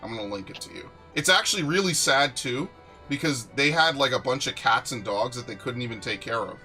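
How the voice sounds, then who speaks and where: Chatting casually with a friend during a game stream, a young man spins animated, profane stories in a brisk mid-range voice. Soft background music runs underneath.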